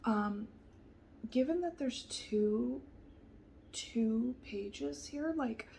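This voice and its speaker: A woman giving a soft-spoken tarot reading, gentle and reassuring, often sliding into a whisper and pausing with fillers. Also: a little high, gravelly, a little hiss or hum, low-quality recording. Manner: hesitant, many fillers and restarts. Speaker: tarot reader.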